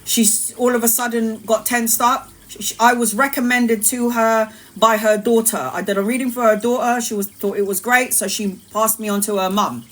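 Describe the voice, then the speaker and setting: A woman's voice: on the high side, fairly even intonation, normal speed. A woman tarot reader talking on a live stream. She is emphatic and repetitive, calls viewers endearing names and swears freely. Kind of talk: live-streamed spiritual talk.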